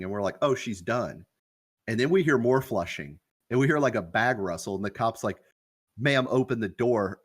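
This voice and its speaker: A man's voice: medium pitch, slightly rough. A young man co-hosting a podcast, telling a story in a loose, profane, casual way and acting out the quoted lines. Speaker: podcast co-host.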